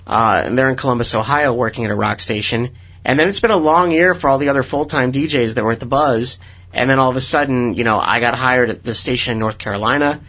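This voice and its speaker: A man, a guest radio DJ, chatting in studio in a relaxed storytelling way. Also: medium pitch, fast talker, dull audio. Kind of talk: casual studio chat.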